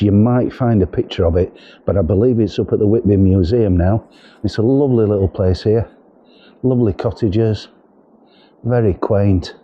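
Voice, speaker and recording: A middle-aged male vlogger with a lowish, dark, breathy voice films himself walking through windy outdoor steps and narrow yards. He chats casually and jokes, rambling with plenty of ums, recorded on a camera mic fitted with a windshield.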